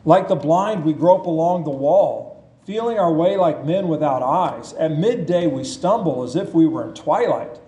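A man preaching a sermon, reading scripture aloud and explaining it with slow, emphatic delivery. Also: a little high, expressive, warm tone. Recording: echoey church room.

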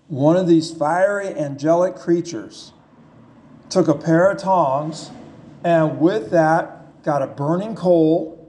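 High-voiced, slow-preaching man. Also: darkish tone. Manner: emphatic, repetitive preaching with rhetorical questions. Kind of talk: sermon.

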